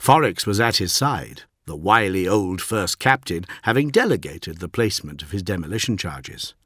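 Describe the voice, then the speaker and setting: Deep-ish guy reading an audiobook, dramatic, lively pitch, dry close sound. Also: moderate pace, husky, no room sound. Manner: dramatic, even-paced storytelling. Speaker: narrator. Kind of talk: scripted audiobook narration.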